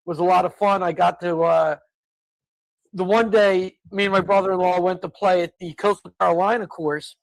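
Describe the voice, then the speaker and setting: A man's voice: sits high, gravelly, no echo, poor audio. A man co-hosting a casual podcast, telling stories and ranting in exasperated bursts. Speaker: co-host.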